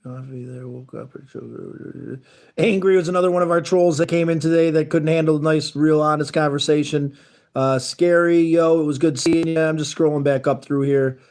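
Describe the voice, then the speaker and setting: A man's voice: a little high, little pitch movement, a little fast, darkish tone. A man hosting a casual livestream, talking earnestly and rambling as he reads and answers chat messages. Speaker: livestream host. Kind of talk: casual live-stream chat.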